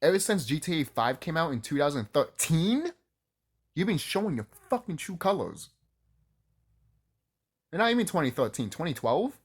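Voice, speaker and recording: A man's voice: fairly high pitch, slightly rough. Casual ranter, male, sarcastic and fired up, cursing often, swinging voice. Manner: heated, sarcastic, swears a lot, repeats himself. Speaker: YouTuber ranting about video games. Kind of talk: casual rant to camera.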